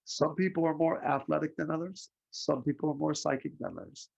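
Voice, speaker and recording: A man giving a psychic reading, telling stories with lively acted-out voices. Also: fairly high pitch, fairly quick, vocal fry, slightly rough. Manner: animated storyteller, acts out voices in anecdotes. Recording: lo-fi muffled audio.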